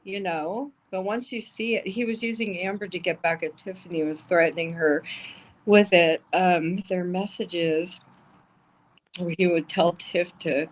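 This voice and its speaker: Brief: unhurried woman streamer, lowish voice, blunt and profane. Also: fairly even intonation, low-quality recording. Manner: blunt, swears often, emotional asides. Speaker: livestream commentator. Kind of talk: casual live-stream commentary.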